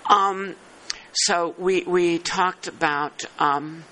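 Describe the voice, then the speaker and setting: A man's voice: sits high, fairly even intonation, very slow, bright, forceful tone, rough recording. A man chairing a working-group meeting, thinking aloud and poking fun at himself. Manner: thinking aloud, self-deprecating.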